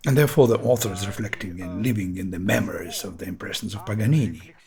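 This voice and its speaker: A man in his sixties, a pianist, explaining a piece of music in an emphatic, impassioned way with long pauses. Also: fairly low pitch, creaky, a little mellow. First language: Russian. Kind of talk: musical analysis talk.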